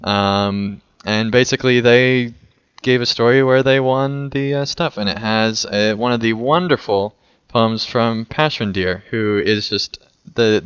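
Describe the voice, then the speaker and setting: A man with a lowish, easygoing voice hosts a relaxed podcast chat and laughs often. The sound comes through a muffled online call. It is close and dry, with no room around it. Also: smooth, no echo. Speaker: podcast host.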